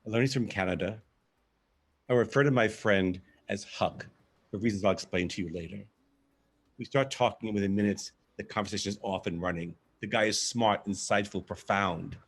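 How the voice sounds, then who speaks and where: A man's voice: lowish voice, moderate pace, slightly rough. A man reading a candid, wry first-person monologue for a verbatim theatre reading, as a male arts director telling his story.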